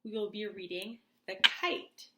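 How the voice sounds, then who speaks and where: A woman teacher speaking slowly and clearly to young children in a reading lesson, leading the class through words to repeat. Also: medium pitch, fairly even intonation, very noisy. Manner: slow, clear and encouraging, like a teacher to small kids.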